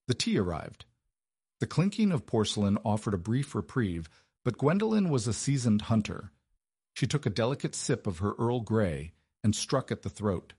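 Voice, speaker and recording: A man with a low, husky voice narrates a period romance in a measured, dramatic manner. The recording is close and dry, with no room sound. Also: sing-song, a little mellow, dry recording. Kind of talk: scripted narration.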